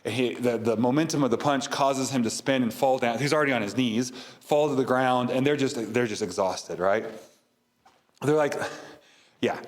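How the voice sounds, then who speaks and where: A man's voice: medium pitch, normal speed. A man hosting a podcast, casually recapping a movie in a rambling way with many fillers. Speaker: podcast host.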